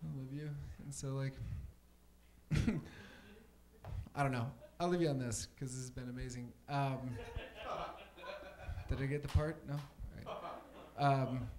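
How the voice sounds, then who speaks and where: A man's voice: mid-range voice, steady tone, a little slow, pauses often, a little mellow, a little hiss or hum. A young man doing a stand-up set on a comedy club stage, rambling casually and full of fillers.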